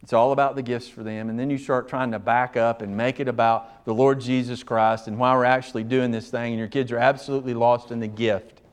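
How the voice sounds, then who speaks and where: A man preaching a sermon as pastor, emphatic, repeating his phrases and swinging from hushed to forceful. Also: medium pitch, little pitch movement, fairly quick, hardly any pauses, smooth.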